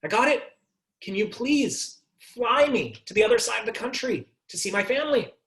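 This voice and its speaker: A man voicing an eager little lost male frog in a story he tells, speaking in an excited, pleading way. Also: very high voice, normal speed, reverberant, voice pushed up, full character voice.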